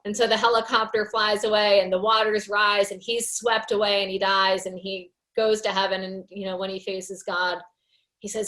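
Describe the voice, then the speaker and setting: A woman's voice: mid-range voice, level tone, normal speed, a bit bright. A woman leading a recovery workshop, teaching in a casual, earnest way, full of "you know" fillers, and reading aloud from a book. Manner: conversational, many fillers, earnest.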